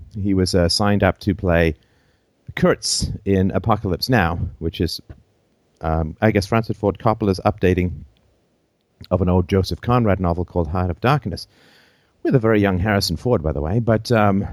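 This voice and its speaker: A man's voice: deep voice, darkish tone, no echo, studio quality. A man hosting a call-in show, telling long rambling anecdotes and chuckling as he goes.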